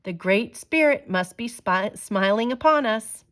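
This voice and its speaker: A woman's voice: a little high, animated, measured pace, fairly bright tone, voice pushed up. A woman voicing a clever young female hyena who speaks with commanding authority. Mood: happy. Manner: commanding, solemn. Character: clever young girl hyena posing as spirit.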